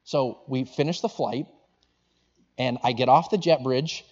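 A male preacher with a mid-range voice tells a sermon story in an animated way, acting out every quote as he goes. The recording sounds slightly dull and lo-fi. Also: medium pitch, unhurried. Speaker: pastor.

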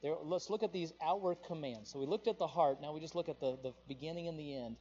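A male pastor preaching a sermon with passion, his voice surging louder on the emphatic points. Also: a little high, fast, breathy edge, highs cut off.

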